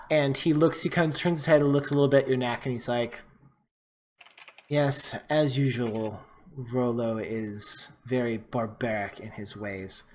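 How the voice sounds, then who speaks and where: A man's voice: mid-range voice, fairly bright tone, slight background noise. A man narrating as game master in a tabletop game, describing a scene loosely with many fillers and restarts.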